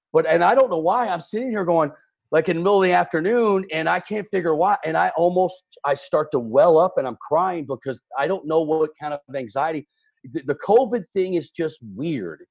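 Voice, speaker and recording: A man with a Kentucky accent, a radio DJ talking as a guest on a video call, animated and self-deprecating, stammering through restarts. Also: fairly high pitch, brisk, vocal fry, dull audio. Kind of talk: casual video-call conversation.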